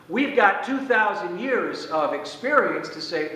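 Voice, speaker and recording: Folksy preacher in an echoey church. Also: male voice, high voice, lively intonation, pushed and bright, distant mic. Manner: conversational, folksy, with slowed emphatic phrases. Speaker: priest. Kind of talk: sermon. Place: church sanctuary.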